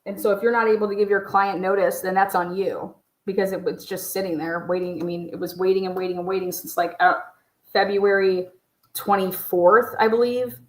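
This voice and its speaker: A woman's voice: mid-range voice, steady tone, fairly quick. A woman giving casual livestream commentary as a true crime YouTuber. She talks in a blunt, profane, rambling way, full of asides. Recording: roomy echo.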